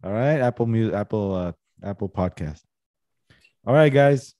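A man's voice: lowish voice, expressive, a little slow, mellow, no room sound, studio quality. A man hosting a casual podcast chat over a video call, loose and joking, with some swearing. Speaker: podcast host.

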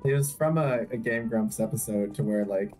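A man's voice: lowish voice, normal speed, dark tone, faint music behind. A man chatting and teasing a friend during a casual let's-play. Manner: laughing, teasing. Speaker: co-commentator.

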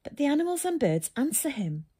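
A woman voicing an excitable, flustered middle-aged male birdwatcher who talks eagerly and breathlessly. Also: high voice, fairly quick, pitched above the performer's own voice. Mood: excited.

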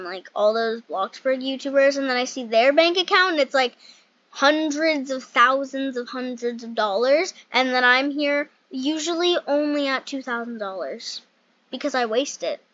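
A woman's voice: high voice, lively intonation, moderate pace, a bit bright, dry recording. A woman giving rambling, giggly, self-mocking commentary while building in a game, recorded a little muffled. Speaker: game YouTuber. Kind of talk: casual gameplay commentary.

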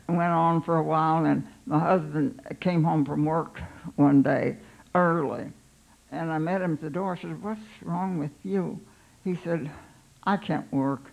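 An older woman, a pastor's wife, telling her life story in an unhurried, halting way, voicing her own thoughts aloud. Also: deep voice, vocal fry, a little mellow, rough recording.

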